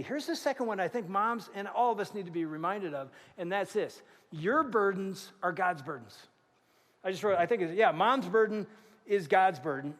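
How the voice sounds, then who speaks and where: A middle-aged man preaches in a large church, his voice sitting high for a man and carrying a long reverb through the hall. He tells stories with energy, acting out the lines of the people in them. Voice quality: animated storyteller, acts out quotes. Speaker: pastor. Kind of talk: sermon.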